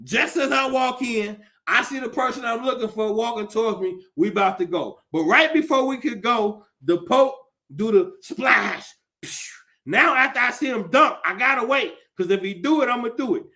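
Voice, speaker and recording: A male podcast host in a profane, animated comedic rant, often laughing as he talks. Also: very high voice, normal speed.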